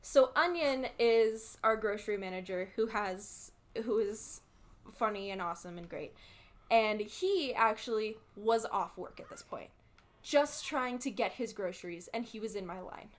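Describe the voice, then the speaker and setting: A woman with a medium-pitched voice hosts at a measured pace, casually spinning a long anecdote while playing a game. She's animated, laughs often, and leans on fillers.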